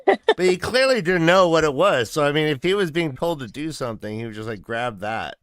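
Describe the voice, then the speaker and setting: Male co-host, clear resonant voice, animated, dry close sound. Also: fairly high pitch, no echo. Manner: excited, swearing, quick bursts of disbelief. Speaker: podcast co-host. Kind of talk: casual book-club chat.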